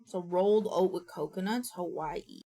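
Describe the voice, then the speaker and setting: A woman's voice: fairly low pitch, moderate pace, mellow. A woman streamer chatting casually and thinking aloud, often mumbling to herself at a desk microphone. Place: home streaming setup.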